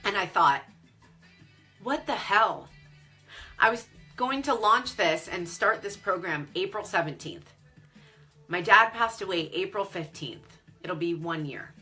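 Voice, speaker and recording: A woman's voice: lowish voice, unhurried, faint music behind. A woman coach talking candidly and emotionally to viewers on a live video stream, close to tears at times. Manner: animated, candid. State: tearful. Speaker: online business coach. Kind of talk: Facebook Live chat.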